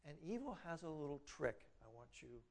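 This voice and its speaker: A middle-aged man preaching a sermon, rising loud on his exhortations and dropping quiet and low when he voices inner doubts. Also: sing-song, moderate pace, creaky. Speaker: pastor.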